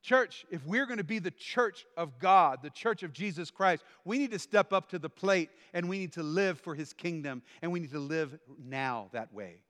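A man preaching a sermon in a church hall, swinging between quiet explanation and loud, shouted lines. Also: fairly high pitch, lively intonation, moderate pace, few pauses. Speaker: pastor.

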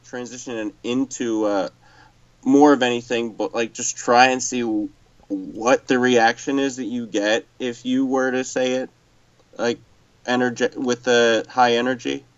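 A man interviewing casually, asking probing questions in a halting, searching way. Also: mid-range voice, fairly even intonation, clear, resonant tone. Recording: dull lo-fi recording.

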